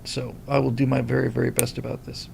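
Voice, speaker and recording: Gravelly man hosting a livestream. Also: mid-range voice, fast, a little hiss or hum. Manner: rambling, animated, many restarts. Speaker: livestream host reading super chats. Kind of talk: casual livestream chat.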